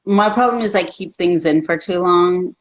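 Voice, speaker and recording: A woman's voice: on the low side, moderate pace, muffled recording. A woman guest in a casual chat, talking in a rambling way with many restarts.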